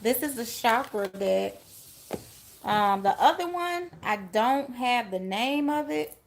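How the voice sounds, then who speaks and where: A woman's voice: fairly high pitch, animated, slow, gravelly, slight background noise. A woman giving a live-stream tarot reading, chatting with viewers and laughing often. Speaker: tarot reader.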